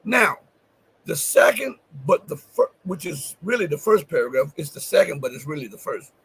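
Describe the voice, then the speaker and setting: A man hosting a livestream, talking in a high and rather husky voice. He leans hard on key phrases, repeating them for weight, and throws questions straight at his viewers. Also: very animated, normal speed, fairly bright tone, rough recording. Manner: addresses viewers directly with questions. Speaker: show host. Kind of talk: livestream commentary.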